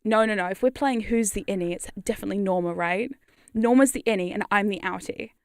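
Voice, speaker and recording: A woman talks to her livestream viewers in a loose, rambling way, laughing often and swearing without a second thought. Her voice sits at a middle pitch. She is recorded close on a studio condenser mic in a dry room with no echo. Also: fast. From New Zealand. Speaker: hypnosis content creator and livestream host. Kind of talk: casual livestream chat.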